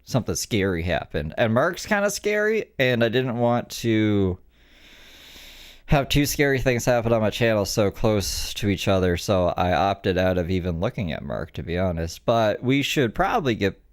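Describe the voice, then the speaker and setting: A man talking casually to his live stream audience, joking and muttering to himself as he clicks through videos. His voice sits low but swings widely in pitch. The sound is dry and close, with no room echo. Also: big pitch swings, moderate pace. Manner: chatty, jokey, talks to himself while clicking around.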